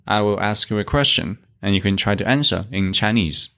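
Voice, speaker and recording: A man teaching a language lesson, explaining grammar and modeling tones deliberately. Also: on the low side, vocal fry, bright, forceful tone. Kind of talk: slow instructional explanation.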